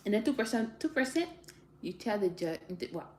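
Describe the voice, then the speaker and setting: A woman talking casually to viewers, giving direct, animated advice and laughing often. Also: mid-range voice, fairly quick. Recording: roomy echo, faint ambience.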